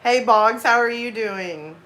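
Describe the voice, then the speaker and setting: A woman's voice: a little high, a little slow, fairly bright tone. Chatty Southern woman live streamer. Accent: light Southern US. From American South. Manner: chatty, laughs often, slips into drawled Southern phrases. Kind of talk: casual chat with live chat viewers.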